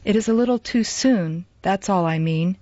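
A woman voicing an ailing, sad and forgiving middle-aged man who murmurs quietly and huskily in a storybook reading. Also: mid-range voice, moderate pace, dry recording, natural voice. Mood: weary. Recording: dull lo-fi dry recording.

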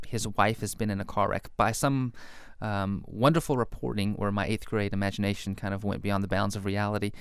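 A man's voice: lowish voice, little pitch movement, a little fast, hardly any pauses, smooth, no echo, studio quality. A young man, a novelist guest in an interview, talking about his writing and laughing at himself as he reads his own early story aloud.

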